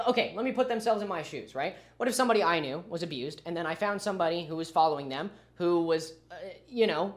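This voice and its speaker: A man's voice: high-pitched, a bit bright. A man livestreaming his reaction to a video, arguing his point and answering his chat. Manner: argumentative, talks back to chat. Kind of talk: casual livestream commentary.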